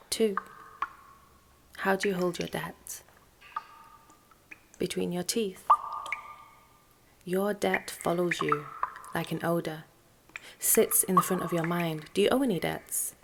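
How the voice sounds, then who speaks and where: A woman performing spoken-word poetry over music, with a measured, sardonic, questioning delivery. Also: fairly low pitch, background noise. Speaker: rapper and spoken-word artist.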